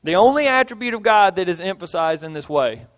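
Male preacher, high tenor, folksy storytelling sermon delivery. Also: animated, fairly quick, fairly bright tone. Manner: folksy, illustrates with homey stories and repetition. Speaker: pastor.

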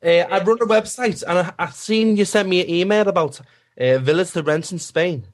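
A man's voice: high voice, brisk. A man hosting a casual radio phone-in, laughing often and swearing bluntly. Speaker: host.

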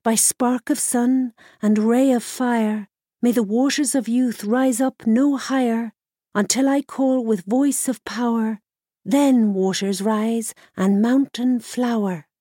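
Woman doing shy young peasant girl, soft and earnest, slightly raised pitch. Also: steady tone, slow, dry recording, studio quality. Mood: solemn. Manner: shy and soft-spoken, solemn when chanting.

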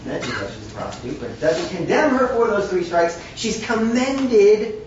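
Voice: medium pitch, sing-song, normal speed, a little mellow, a little hiss or hum. A preacher giving an emphatic, conversational sermon with wry asides, recorded from a distance in a large room. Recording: very echoey, distant from the mic, dull.

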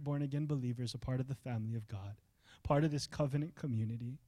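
A man preaching a sermon as pastor, in a conversational style that swings between hushed and excited. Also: medium pitch, quick pace, no echo. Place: church.

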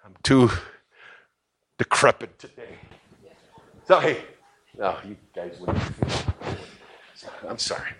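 A middle-aged man preaching a sermon in a church, moving from quiet asides to shouting and joking with the congregation. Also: medium pitch, expressive, slow, long pauses, a little hiss or hum. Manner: jokes with the congregation. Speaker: pastor. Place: church sanctuary.

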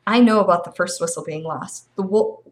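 A woman reading the part of a scheming male villain, low and cold in tone. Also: a little fast, natural voice. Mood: demanding.

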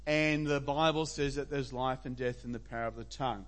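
A man's voice: mid-range voice, steady tone, brisk, a bit bright. A man preaching a sermon as pastor, conversational and emphatic.

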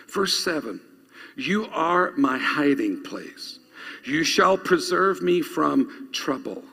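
A man's voice: a little high, sing-song, takes it slowly, gravelly, sharp tone, breathy edge. A male pastor preaching a sermon, reading scripture aloud and urging the congregation to repeat lines after him. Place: church. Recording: long reverb of a church hall.

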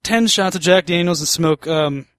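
A man's voice: a little high, moderate pace, fairly bright tone, no echo. A man hosting a casual podcast, profane and rambling, who laughs often. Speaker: podcast host. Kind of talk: casual crude banter.

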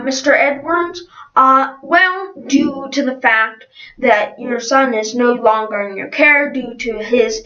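A woman voicing a stiff, formal hotel desk clerk who clears her throat, recorded from a distance in an echoey room. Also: high voice, sharp tone, exaggerated voice. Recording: distant, roomy, dull lo-fi.

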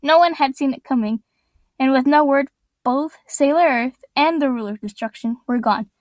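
A woman's voice: high voice, normal speed, no room sound. A woman reading her own adventure story aloud in a plain, earnest storytelling voice.

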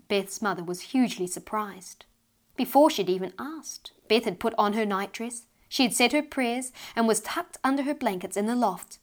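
Woman reading a kids' story, expressive, middle pitch, gets loud in the exciting bits. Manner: expressive, lively.

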